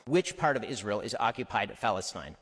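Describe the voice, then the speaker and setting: A man debating heatedly, listing points in a rapid-fire, insistent rebuttal. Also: fairly low pitch, animated, big-room sound, heavy background noise.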